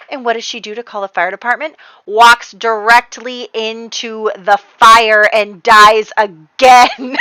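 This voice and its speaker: Chatty, animated woman narrating a game. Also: on the high side, normal speed, few pauses, clean tone, no room sound, rough recording. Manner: chatty, animated, often laughing. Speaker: gameplay narrator. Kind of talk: casual game commentary voice-over.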